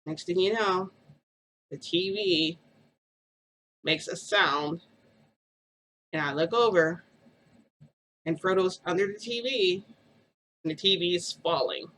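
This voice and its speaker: A woman's voice: on the low side, takes it slowly, long pauses, fairly bright tone, rough recording. A woman vlogger telling a story in a rambling, casual way, full of "like" and "um".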